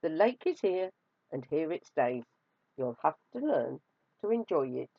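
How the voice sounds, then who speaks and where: A woman voicing a calm male hyena in a storybook read-aloud, easygoing and matter-of-fact. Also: deep voice, unhurried, gravelly, husky, no echo, heavily acted. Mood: unbothered. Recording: dry, slightly dull recording.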